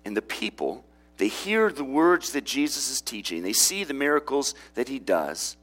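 A man's voice: medium pitch, big pitch swings, moderate pace, fairly bright tone, soft background music. A man preaching a sermon in a conversational way, often asking rhetorical questions of his listeners. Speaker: pastor.

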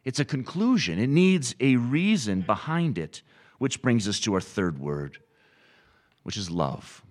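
A middle-aged man preaching a sermon, animated and storytelling, acting out quoted inner voices. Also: medium pitch, a little slow. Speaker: pastor.

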